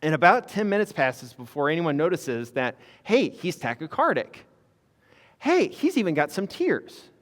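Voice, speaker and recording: A man recounts a story with a lively, rising and falling voice that sits a little high for a man. He talks candidly and casually, with fillers and the odd curse. The sound has a long reverb tail. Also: moderate pace. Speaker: physician assistant guest.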